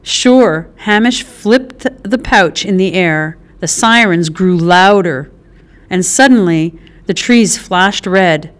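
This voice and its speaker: A woman narrating an audiobook in a measured, expressive way. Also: lowish voice. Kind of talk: scripted narration.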